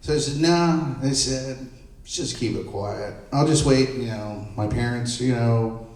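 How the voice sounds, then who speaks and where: A man's voice: medium pitch, measured pace. A middle-aged man, a photographer speaking on a panel, telling anecdotes and acting out the voices of the people in them. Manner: animated, acts out quoted voices. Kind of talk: anecdotal storytelling at a live panel. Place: panel event room. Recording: echoey room, mic far off.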